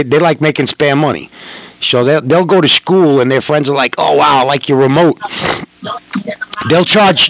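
A man's voice: mid-range voice, a bit bright, dry recording, poor audio. Profane, rambling middle-aged man. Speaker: podcast guest. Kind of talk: casual chat.

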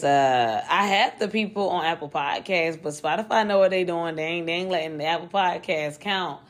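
A woman hosting a true-crime podcast alone, talking casually and quickly in loose slang and swearing freely. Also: lowish voice. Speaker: podcast host. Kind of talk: casual solo podcast chat.

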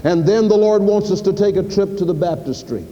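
Folksy preacher in a reverberant church. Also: male voice, a little fast, warm tone, lo-fi sound, a little hiss or hum. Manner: folksy storytelling, acting out dialogue with sudden pitch jumps. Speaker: pastor. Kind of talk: sermon. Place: church sanctuary. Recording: long reverb of a church hall.

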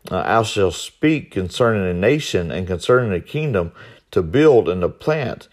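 A man's voice: lowish voice, a little mellow. Man preaching a verse-by-verse sermon. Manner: repetitive, many fillers, rising when voicing God. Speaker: pastor.

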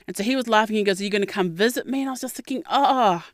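A young adult woman, hosting a podcast and telling a personal story in a candid, expressive way, swearing freely and acting out quotes. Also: medium pitch, racing, few pauses, no room sound, clean studio sound. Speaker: podcast host. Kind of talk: casual storytelling monologue.

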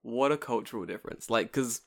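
A man's voice: medium pitch, fairly quick, vocal fry. A young man chatting casually, telling funny stories and acting out other people's voices. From United Kingdom. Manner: animated storyteller, acts out voices, laughs often. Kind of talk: casual chat.

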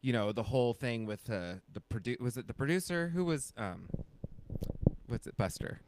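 Guy rambling on a podcast, lots of you-knows, mid pitch, dry sound. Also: expressive, moderate pace, no echo. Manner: chatty, rambling with many fillers. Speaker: podcast co-host. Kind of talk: casual chat.

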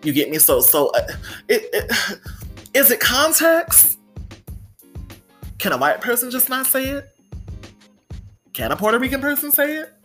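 A woman's voice: fairly high pitch, sing-song, unhurried, pauses often, a bit bright, soft background music. A woman hosting a solo podcast, talking candidly and with plenty of swearing, often saying "you know" and "right?". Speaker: podcast host.

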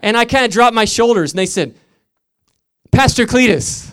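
A man's voice: sits high, expressive, fast, a bit bright, smooth. A middle-aged man preaching a fervent sermon as pastor, telling stories between declarations.

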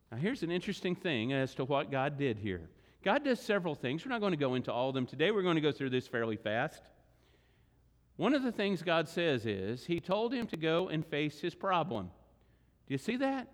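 High-voiced male pastor in a reverberant hall. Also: fairly quick. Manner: expressive, acts out voices of scripture figures. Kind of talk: sermon. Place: church sanctuary. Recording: long reverb of a large hall.

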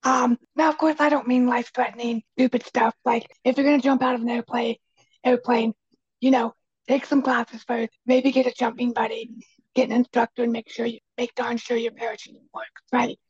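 Raspy quiet woman on a podcast, super husky, flat-ish delivery, dull lo-fi sound. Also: on the high side, moderate pace, dry recording. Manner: earnest and emphatic, repeats key phrases. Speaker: podcast guest, speaker and kitchen coach. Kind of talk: casual conversation.

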